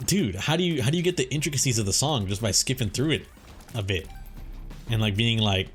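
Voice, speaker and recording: A man's voice: medium pitch, a little fast, faint music behind. A young man telling a story in a laid-back, rambling way over gameplay, swearing freely as he goes. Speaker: gaming YouTuber.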